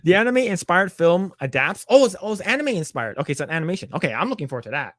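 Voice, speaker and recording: A man's voice: high voice, sing-song, quick pace, hardly any pauses, a bit bright, no room sound. A man co-hosting a casual podcast, reading out news items and stopping to react, with many fillers and repeated words. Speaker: podcast co-host.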